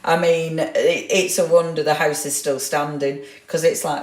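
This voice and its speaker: A woman's voice: sits low, fairly even intonation, measured pace, darkish tone. A woman hosting a casual live craft stream, greeting viewers by name and laughing often. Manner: chatty, reads out viewer comments, laughs often. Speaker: craft livestream host. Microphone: clip-on microphone. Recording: roomy echo.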